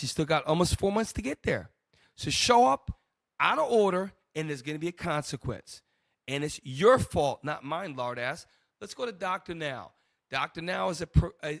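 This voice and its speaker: A male host of a religious broadcast segment, talking in a loud, mocking, scolding manner. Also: on the high side, animated, normal speed, vocal fry, no room sound, clean studio sound.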